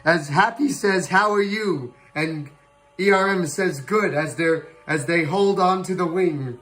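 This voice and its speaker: A man hosting a livestream, giving playful live commentary on a virtual airshow, excitable and prone to whoops and chuckles. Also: on the high side, slow pace, poor audio. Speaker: livestream host. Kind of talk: playful live commentary on a flight sim show.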